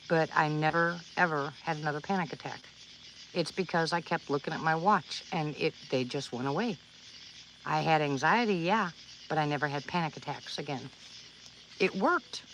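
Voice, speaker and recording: Livestreaming outdoors at night, a woman rambles earnestly through a personal story for her viewers, restarting often. Her voice is low with a fairly bright tone, and the rough recording has some hiss or hum.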